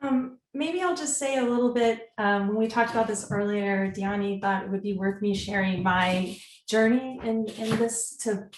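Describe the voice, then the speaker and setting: A woman scholar speaking on a panel in a measured, thoughtful way. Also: medium pitch. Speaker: panelist, scholar of Indigenous art. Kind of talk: panel discussion. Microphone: video call. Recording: roomy echo on video call.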